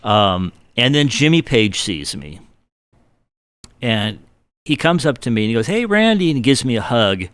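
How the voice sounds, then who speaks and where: Middle-aged man, fairly low voice, casual rambling self-deprecating storytelling, dry close sound. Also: moderate pace, long pauses, clean tone, no room sound. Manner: animated anecdotes with acted-out quotes. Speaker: guitar builder guest.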